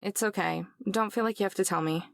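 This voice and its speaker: A woman's voice: medium pitch, fairly quick, creaky, fairly bright tone, dry recording. A woman voicing a sensible, sarcastic young woman in a video game, dry and level-headed. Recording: game audio with music behind.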